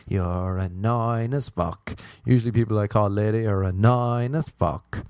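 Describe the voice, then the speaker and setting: A man's voice: on the low side, expressive, brisk, hardly any pauses, a little mellow, clear, resonant tone, no echo, studio quality. A man hosting a podcast, rambling through a crude comic monologue and breaking into bits of song. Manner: crude, jokey, breaks into sung snippets. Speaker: podcast host.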